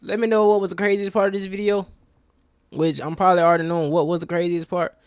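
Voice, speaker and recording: A young man chats casually over footage he is reacting to, full of slang and excited asides. His voice sits a bit high. The sound is close and dry, with no room echo. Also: quick pace, smooth. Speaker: reaction video host.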